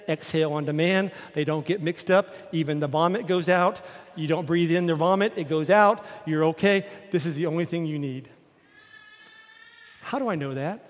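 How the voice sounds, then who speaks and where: Male preacher with a high voice, emphatic and repetitive, heard in a reverberant hall. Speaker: pastor. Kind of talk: sermon.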